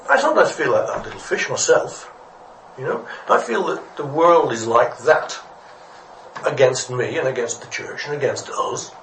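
A man's voice: mid-range voice, lively intonation, moderate pace, a bit bright, slight background noise. A man preaching a rambling, good-humoured parable in a church. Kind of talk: storytelling sermon. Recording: echoey room from a distance.

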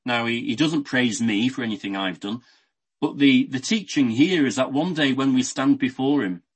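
Male preacher, husky tone, mid pitch, talking through scripture with everyday examples. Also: moderate pace, rough recording. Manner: unscripted Bible exposition with everyday examples, frequent restarts. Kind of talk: sermon.

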